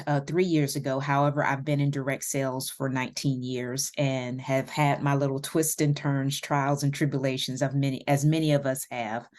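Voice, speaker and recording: A woman with a Southern American accent, a podcast guest speaking in a relaxed, reflective interview style with light laughs and fillers. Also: a bass voice. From Virginia, USA. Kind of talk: casual interview conversation.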